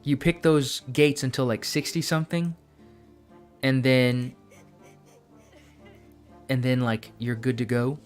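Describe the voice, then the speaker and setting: A man's voice: mid-range voice, fairly even intonation, takes it slowly, pauses often, clear, resonant tone, soft background music. A man streaming a game live, chatting casually and thinking aloud, often breaking into laughs.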